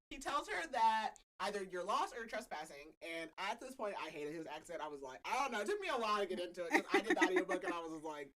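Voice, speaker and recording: A woman's voice: medium pitch, big pitch swings, fast talker, fairly bright tone. A woman hosting a podcast, casually recapping a book's plot with a chatty, laughing manner and lots of filler words. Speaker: podcast host. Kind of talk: casual book recap chat.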